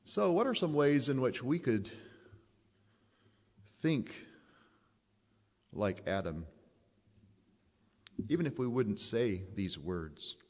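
A man preaching a sermon in a measured, emphatic way, asking rhetorical questions. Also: medium pitch, big pitch swings, in a large hall.

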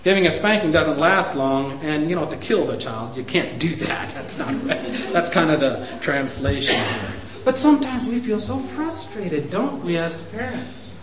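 Animated man in his fifties lecturing. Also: on the high side, normal speed, few pauses, crowd noise. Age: 50s. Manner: animated, voice swings up for emphasis, chuckles at himself. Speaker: speaker on parenting. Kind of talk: lecture to parents. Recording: roomy, dull lo-fi recording.

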